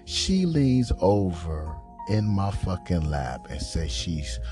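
A man's voice: low voice, very animated, takes it slowly, dark tone, faint music behind. A man hosting a podcast, telling a loose, rambling story full of slang fillers and asides to listeners. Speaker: podcast host. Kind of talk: casual profane storytelling.

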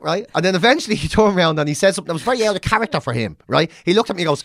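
A Dublin man in his forties spins a crude, animated yarn in casual chat, throwing on voices as he goes. His pitch swings widely, and the sound is dry and close. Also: racing, creaky, few pauses, dry recording. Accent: Dublin Irish. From Ireland. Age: 40s. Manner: profane, animated storyteller acting out voices.

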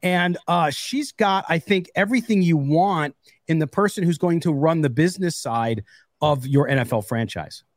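A man's voice: fairly high pitch, normal speed, no room sound, clean studio sound. A man co-hosting a sports podcast, talking with enthusiasm and reading quotes aloud. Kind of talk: casual sports talk.

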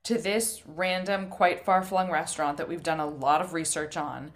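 Lively, laughing woman with a low voice. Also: moderate pace. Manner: animated storyteller, swears, laughs often. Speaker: podcast co-host. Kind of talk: casual chat.

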